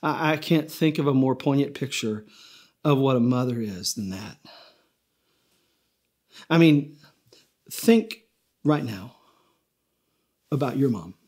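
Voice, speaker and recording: A man's voice: medium pitch, takes it slowly, long pauses, a little mellow, slightly rough. Earnest male pastor preaching. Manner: earnest, repeats words at starts. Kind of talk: sermon.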